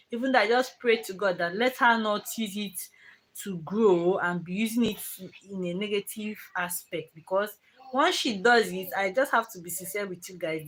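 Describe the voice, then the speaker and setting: A woman's voice: medium pitch, fairly bright tone, slight background noise, poor audio. A young mother chatting casually on a live stream about parenting. She rambles and restarts, with plenty of fillers, and breaks off now and then to scold her children. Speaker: parenting vlogger.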